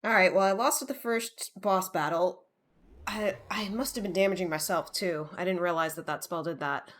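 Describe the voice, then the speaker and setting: A woman's voice: on the low side, normal speed, a bit bright. A woman casually commenting on a video game she is playing, muttering to herself in a rueful, chatty way. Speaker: game streamer. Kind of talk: casual let's-play commentary.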